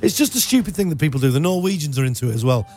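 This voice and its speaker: Male co-host, dry teasing, slightly high voice, faint music underneath. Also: big pitch swings, rapid-fire, darkish tone. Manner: wry, teasing. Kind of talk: casual radio banter.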